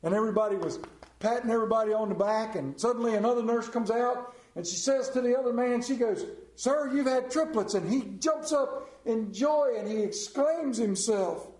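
A man's voice: extremely high pitch, brisk, a little mellow, reverberant, rough recording. A middle-aged man preaching a sermon as a folksy, joking storyteller.

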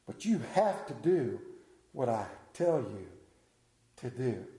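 A male pastor preaching a sermon, animated and self-deprecating, acting out scripture as he goes. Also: mid-range voice, slow, pauses often, reverberant.

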